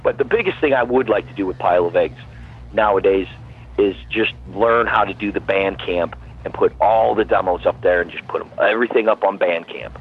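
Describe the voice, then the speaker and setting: A man's voice: low-pitched, fairly quick, breathy edge. A man, a guest musician, calling in and chatting casually, rambling and repeating himself as he talks. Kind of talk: casual phone-in chat. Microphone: phone call. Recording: tinny phone line.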